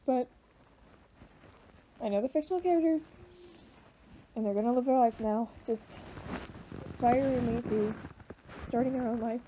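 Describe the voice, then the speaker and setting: A young woman giving emotional reaction commentary, choked up and halting, with many fillers and restarts. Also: fairly high pitch, warm tone, slight background noise, rough recording. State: choked up, voice tearful. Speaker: video reactor.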